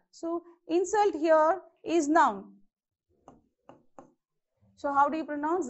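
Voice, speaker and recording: A woman's voice: sits high, measured pace. A woman teaching a grammar lesson, repeating example words and checking in with "okay" after each point. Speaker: English teacher. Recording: slightly dull lo-fi lesson audio.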